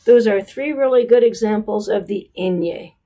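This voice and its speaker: A woman's voice: medium pitch, moderate pace, mellow. A woman with an American accent teaching pronunciation, patient and careful, stretching out model words and checking in with "right?". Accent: American English. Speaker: Spanish teacher. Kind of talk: slow, careful pronunciation lesson.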